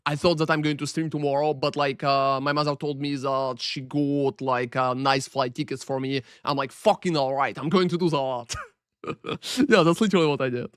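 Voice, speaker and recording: A man's voice: mid-range voice, steady tone, normal speed, clean tone, dry recording, clean studio sound. A man hosting a game live stream, chatting loosely and profanely with viewers, full of fillers and greeting them by name. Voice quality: profane, rambling, filler-heavy. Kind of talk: casual live-stream chat. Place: Paris.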